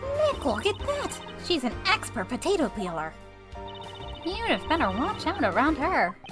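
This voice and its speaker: A woman voicing a bubbly, excited young female sidekick. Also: high-pitched, unhurried, voice pushed up, full character voice. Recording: game music playing behind.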